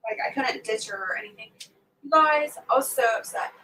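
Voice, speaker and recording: A talkative woman tells a long, rambling story to her viewers in a bright, high, forceful voice. She sounds a little distant from the mic, and a faint hum sits behind her. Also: moderate pace. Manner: chatty, rambling storyteller who scolds her pets mid-sentence. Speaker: homesteading livestream host. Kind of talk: casual morning chat with viewers.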